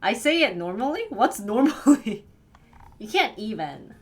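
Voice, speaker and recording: A woman's voice: on the high side, sing-song, measured pace, faint music behind. A young woman streamer from the northern United States, chatting casually with her viewers, giggly and full of "like". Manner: chatty, giggly, fills talk with "like". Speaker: live streamer. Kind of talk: casual chat with live viewers.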